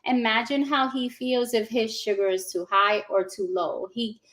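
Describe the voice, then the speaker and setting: A woman in her forties, a guest in a casual interview, telling her story in an animated way, laughing often and acting out what people said. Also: a little high, normal speed. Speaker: guest giving a testimonial.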